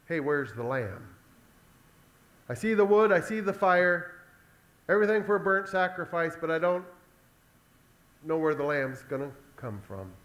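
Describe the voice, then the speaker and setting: A man voicing an eager young son on a trip with his father, talking in an excited, chatty, boyish way. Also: fairly high pitch, unhurried, long pauses. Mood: puzzled.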